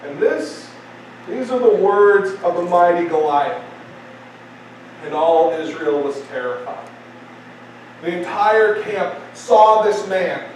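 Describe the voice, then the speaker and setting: A man's voice: sits high, animated, slow pace, pauses often, far from the mic, slight background noise. A man preaching a sermon in a church, conversational and repetitive, building emphasis. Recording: very echoey church hall from afar.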